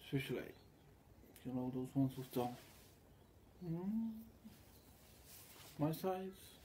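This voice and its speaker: Rambling man with a mellow voice. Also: on the high side, animated, slow, slight background noise. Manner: meandering and crude, acts out other voices in quotes. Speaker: vlogger. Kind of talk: rambling casual storytelling.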